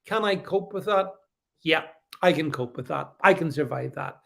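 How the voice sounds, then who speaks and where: A man's voice: on the high side, normal speed, vocal fry. A man hosting a political commentary livestream, reading out viewer comments and answering them emphatically and sarcastically, with frequent restarts and stammers. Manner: sarcastic asides.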